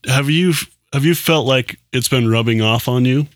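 A man's voice: mid-range voice, normal speed, dry recording. A man hosting a casual podcast chat, teasing his co-hosts and laughing often. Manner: teasing, laughing, says "dude".

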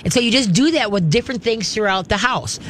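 Woman, call-in radio host; direct, animated, faint noise behind. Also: medium pitch, fast. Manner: direct, animated, acts out cheerful praise voices. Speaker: radio show host and pet trainer.

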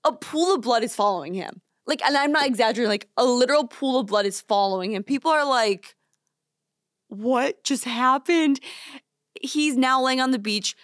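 Barely pausing, a young podcast co-host races through a story in a slightly high voice, recorded in a studio with no room sound. She's animated and casual, saying "like" constantly and acting out quotes.

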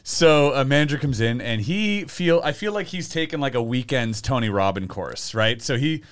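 Profane animated male storyteller. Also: mid-range voice, normal speed. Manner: animated, profane, acts out quotes. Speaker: storyteller guest. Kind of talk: casual storytelling chat.

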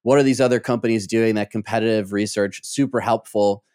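A man's voice: fairly low pitch, fairly even intonation, fairly quick, a little mellow, no room sound, studio quality. A man hosting a podcast interview, asking questions fluently and steadily. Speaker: podcast host.

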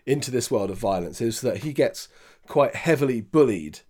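A man co-hosting a casual film review chat, speaking hesitantly with many fillers and giving measured verdicts. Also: mid-range voice, lively intonation, darkish tone. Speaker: podcast co-host.

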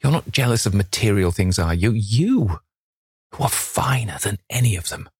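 An earnest, devoted painter, as a man voices him in an audiobook talks in a sincere, wounded manner. His tone is deep and husky, and the recording is dry. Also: expressive, normal speed, dry recording.

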